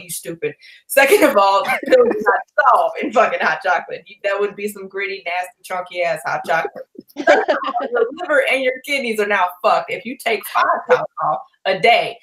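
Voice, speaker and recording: A woman's voice: mid-range voice, slight background noise, low-quality recording. A woman hosting a book club chat, ranting loosely and swearing often. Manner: ranting, profane, animated storytelling. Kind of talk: casual chat.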